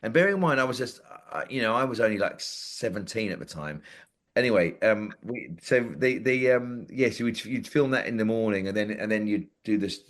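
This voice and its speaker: A man in his forties, a podcast guest telling rambling anecdotes with lots of swearing and acted-out quotes. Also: on the low side. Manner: rambling, lively, swears freely, acts out quotes. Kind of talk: casual anecdotal storytelling.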